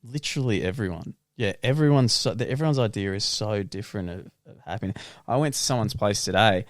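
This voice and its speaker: A young man co-hosting a podcast in casual chat, relaxed and frank, swearing casually. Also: on the low side, fast talker, no room sound, clean studio sound. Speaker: podcast co-host.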